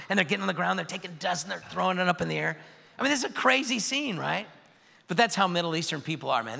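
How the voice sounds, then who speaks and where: A male pastor preaching a sermon in a church, animated and acting out the voices of the people he describes. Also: on the high side, vocal fry, in a large hall. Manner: animated, acts out voices and quotes. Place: large church sanctuary.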